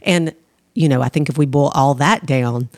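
Low-voiced woman podcast host. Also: normal speed, no echo. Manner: earnest, warm about faith, talks of the Holy Spirit. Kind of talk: casual faith podcast chat.

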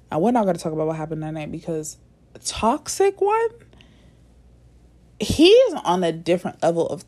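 A woman's voice: on the low side, darkish tone, husky. A young woman hosting a podcast, telling a dating story to her listeners in a blunt, profane, dramatic way, sometimes dropping to a near-whisper for asides.

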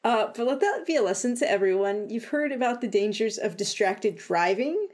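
Woman, podcast co-host, casual chat, teasing wry manner, mid pitch. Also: lively intonation, moderate pace, darkish tone.

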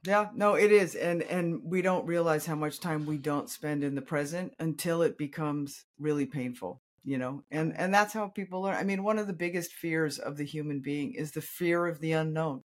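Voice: medium pitch, moderate pace, few pauses. Earnest coach explaining in easy talk. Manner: earnest, explanatory, quotes clients, tags lines with "right?". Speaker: life coach, podcast guest. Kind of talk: conversational interview.

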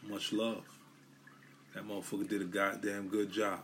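Low-voiced, profane New podcast host. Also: male voice, flat delivery, normal speed, fairly bright tone, a little hiss or hum. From Brooklyn, New York. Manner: loose, emphatic, profane street talk. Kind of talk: casual solo podcast monologue.

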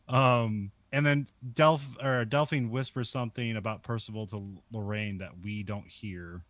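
A man's voice: mid-range voice, slow, pauses often, fairly bright tone, dry recording. A man co-hosting a podcast, casually recapping film scenes and chuckling often. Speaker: podcast co-host.

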